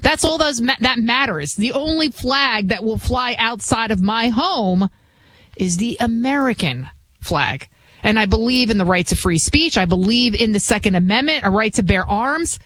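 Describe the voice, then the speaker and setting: A woman's voice: fairly high pitch, expressive, moderate pace, a bit bright, no echo. Chatty Bronx-accented woman talk host. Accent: New York (Bronx). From the Bronx, New York. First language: not English. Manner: chatty, rambling, emphatic. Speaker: guest radio host. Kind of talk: talk radio monologue.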